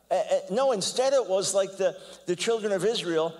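An older man giving a lecture as a guest speaker, telling stories in an animated way, often repeating words as he goes and acting out quotes. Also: high voice, brisk. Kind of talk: storytelling lecture. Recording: long hall reverb.

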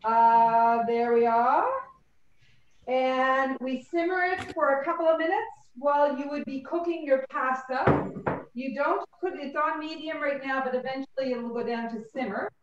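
A woman's voice: high-pitched, moderate pace, reverberant, muffled recording. A woman cooking in her home kitchen, talking through a recipe in a chatty, rambling way over a video call. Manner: chatty, rambling, self-correcting asides. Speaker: home cook demonstrating a recipe.

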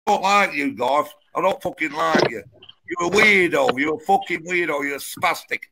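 A man with a gravelly, slurred voice, hurling drunken threats and insults in a heated live-stream argument. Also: a little high, lively intonation, normal speed, heavy background noise.

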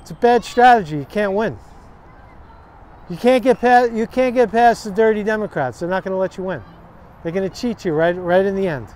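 A man's voice: high voice, fairly quick, a little mellow. A man ranting to camera outdoors on a city street, profane, sarcastic and combative. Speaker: vlogger. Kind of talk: angry political rant to camera.

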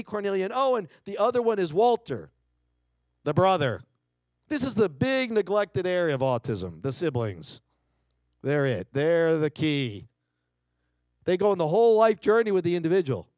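A man's voice: high voice, darkish tone, no room sound, studio quality. A middle-aged man giving a keynote talk, telling a family story dramatically and acting out quotes. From United States. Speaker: keynote speaker. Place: lecture hall.

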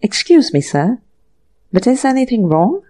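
A woman's voice: a little high, sing-song, unhurried, dark tone, voice pushed up. A woman doing a deferential manservant. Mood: polite. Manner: respectful, ends phrases with "sir". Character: deferential male manservant, polite and apologetic.

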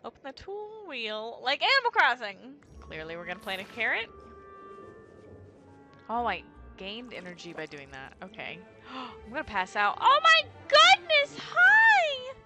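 A woman's voice: medium pitch, moderate pace, over music. A young woman giggling and gasping through casual let's play commentary, chatty and full of "like". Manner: giggly and excitable, gasps and squeals often; chatty, heavy use of "like". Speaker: gaming channel host.

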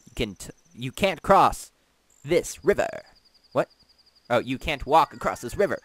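A man voicing a male gatekeeper, reading game text in a brisk, bossy tone close to his own voice. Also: mid-range voice, animated, a bit bright, no room sound.

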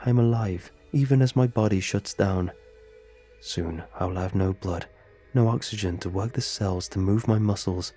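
A flat, robotic computer voice reads out a dying man's last note, as a man puts it on. It speaks without intonation, very low and dark, with a husky grain. The horror storybook reading stays level throughout. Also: measured pace. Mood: bleak.

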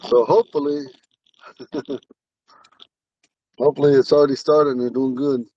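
A man's voice: medium pitch, level tone, moderate pace, slightly rough, no echo, far from the mic, dull audio. A man with a lisp, a Ponca language teacher, talking in a rambling, earnest way while he drives. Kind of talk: casual talk while driving. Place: inside a car on the road.

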